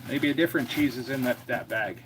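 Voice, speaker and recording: A man chatting casually on a live stream while fixing a snack in his home kitchen, thinking out loud as he works. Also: medium pitch, a little fast, noisy background.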